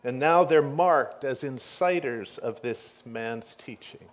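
A man giving a sermon, reading scripture aloud and retelling the story with animated swings between hushed and loud delivery. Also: mid-range voice, slow pace. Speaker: pastor.

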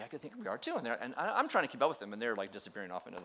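A man's voice: medium pitch, big pitch swings, rapid-fire, pushed and bright. A middle-aged man preaching a sermon, telling stories with playful acted-out quotes and self-deprecating humor. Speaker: pastor.

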